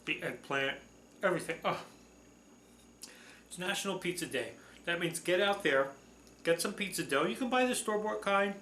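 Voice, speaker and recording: A man's voice: a little high, bright, forceful tone, a little hiss or hum. Chatty man demoing a recipe in an echoey kitchen. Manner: chatty, folksy, enthusiastic about food. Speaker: cooking show host. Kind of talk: casual cooking demonstration.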